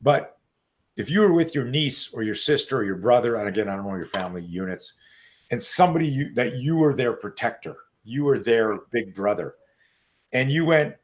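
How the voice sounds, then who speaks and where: A man in his sixties, a self-defense coach telling stories as an interview guest, animated and profane, on a video call. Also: medium pitch, moderate pace. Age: 60s. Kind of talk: casual interview storytelling.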